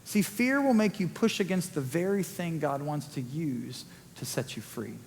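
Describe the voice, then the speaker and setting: A male pastor preaching a sermon in a conversational way, acting out quick quoted asides. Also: fairly high pitch, animated, creaky, darkish tone, slight background noise. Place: church sanctuary. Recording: long church hall reverb.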